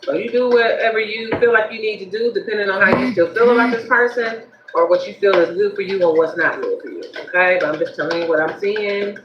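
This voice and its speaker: A woman giving a livestreamed tarot reading, speaking straight to her viewers in a lively, preachy way. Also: medium pitch, fast talker, reverberant, dull audio, noisy background. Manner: animated, preachy, addresses viewers directly. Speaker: tarot reader.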